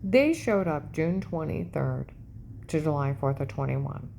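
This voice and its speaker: A woman's voice: low voice, animated, a little slow, creaky, dark tone, a little hiss or hum. A middle-aged woman giving an intense, rambling personal monologue as a vlogger, often checking in with "okay?".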